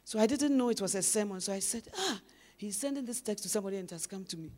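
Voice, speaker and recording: A woman preaching a sermon as a pastor's wife, swinging from loud, emphatic exhortation to low, musing questions. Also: quick pace.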